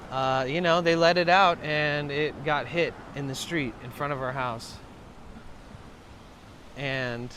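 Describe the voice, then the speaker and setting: Dude streaming outside on his phone, kinda high voice, swears a lot, faint street noise. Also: a bit bright. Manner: rambling storytelling, swears, reads chat aloud. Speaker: livestreamer. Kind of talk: casual livestream chat. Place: outdoors in a van trip setting.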